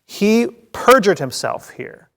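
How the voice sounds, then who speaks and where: Gravelly man teaching in a hall. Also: high voice, slow. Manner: lively storytelling that acts out scenes, with many fillers and restarts. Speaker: Bible study teacher. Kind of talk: congregational Bible teaching. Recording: long reverb of a hall.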